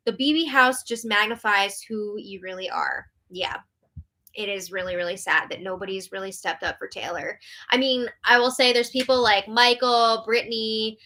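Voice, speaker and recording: A woman hosting a live reality-show recap, animated and exasperated as she reads out viewer comments. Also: a little high. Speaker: host.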